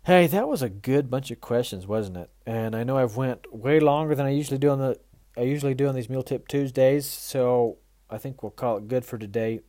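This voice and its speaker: A man's voice: medium pitch, brisk, warm tone, no room sound, clean studio sound. A man who hosts a mule training tips show, telling a folksy, self-mocking story with frequent laughter and then turning it into a riding lesson.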